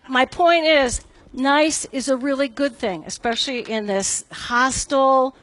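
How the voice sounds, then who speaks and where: Middle-aged lady giving a casual bible talk, kinda high voice, dry close mic, chatty and self-deprecating. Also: no room sound. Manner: conversational and self-deprecating, with many "right?" asides.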